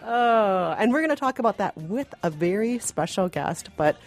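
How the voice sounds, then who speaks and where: A woman's voice: mid-range voice, animated, moderate pace. A woman co-hosting a movie review podcast, chatting casually and emphatically, laughing often. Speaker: producer, co-host.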